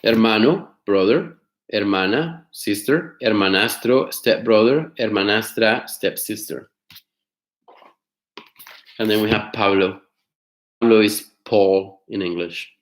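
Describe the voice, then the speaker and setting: A man teaching an online class, explaining words slowly, repeating them and asking his students questions. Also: fairly low pitch, reverberant. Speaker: Spanish teacher. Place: home studio.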